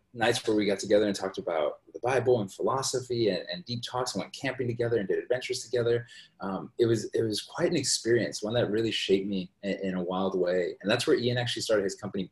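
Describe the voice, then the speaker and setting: A man with a fairly low voice shares personal stories as a guest in a relaxed, rambling way. He keeps checking in with a quick "right?" after his points. The recording carries a noticeable roomy echo. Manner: rambling, tags sentences with "right?". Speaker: podcast guest. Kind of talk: casual storytelling conversation.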